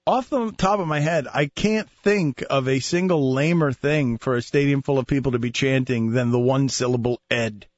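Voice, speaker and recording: A man's voice: mid-range voice, normal speed, hardly any pauses, no room sound, dull audio. A man hosting a sports radio show in casual banter, incredulous and mocking as he talks through a story.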